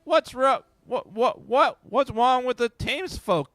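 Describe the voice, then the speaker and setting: A man putting on a squeaky mock-British wanderer. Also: animated, takes it slowly, fairly bright tone, no room sound, full character voice. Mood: bumbling. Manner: hesitant, stumbling, overdone. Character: confused bumbling male wanderer.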